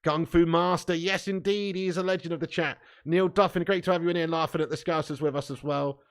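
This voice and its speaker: A man's voice: on the high side, steady tone, quick pace, clean tone. A man hosting a live football watch-along, reading chat comments aloud with mocking banter, swearing and laughing.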